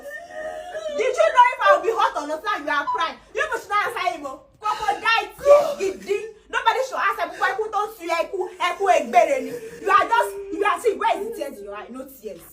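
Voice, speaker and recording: A very high, bright, quick voice, a woman acting as a scornful Nigerian wife who scolds and mocks her husband. Her lines race and leap with lively pitch, sharp and cutting, in a comedy skit. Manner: fast, mocking, scolding.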